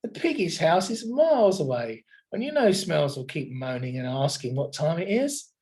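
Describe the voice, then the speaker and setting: A man's voice: fairly high pitch, very animated, normal speed, a little mellow. A man reading a storybook aloud and voicing a cheerful, clever young wolf.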